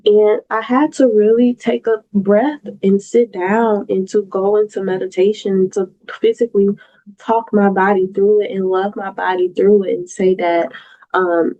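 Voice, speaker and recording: A woman's voice: medium pitch, warm tone, dull audio. A woman hosting her own solo podcast, talking in an earnest, reflective way and repeating phrases for emphasis. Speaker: astrologer podcast host. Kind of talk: personal solo podcast monologue. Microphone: talking into a mic on camera.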